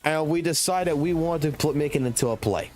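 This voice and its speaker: Male game streamer, fairly high voice, cussing rant, faint music underneath. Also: a little fast, a little mellow. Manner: blunt, heavy swearing, slangy. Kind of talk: casual ranting commentary.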